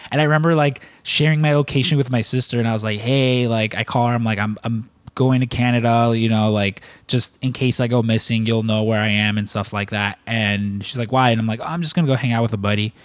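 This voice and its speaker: A man's voice: mid-range voice, steady tone, fast, few pauses, no echo. Rambling, swearing man telling stories. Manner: rambling, swears freely, many restarts. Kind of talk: casual storytelling chat.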